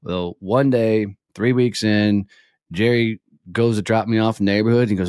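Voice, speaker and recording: A man's voice: lowish voice, moderate pace, a little mellow, smooth, dry recording, studio quality. A middle-aged man speaking bluntly and casually as an interview guest, telling a story with the odd swear word.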